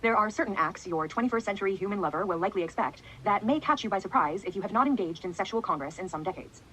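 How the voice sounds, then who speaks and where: A woman with a husky voice narrating an audiobook in the first person. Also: mid-range voice, animated, fast talker, fairly bright tone, slight background noise, rough recording.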